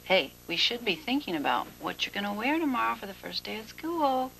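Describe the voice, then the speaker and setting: A woman's voice: on the high side, very animated, fairly quick, vocal fry, a bit bright, slight background noise, heavily acted, poor audio. An actress playing a caring young woman with a soothing, coaxing way of talking, in a TV drama. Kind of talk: daytime TV drama acting.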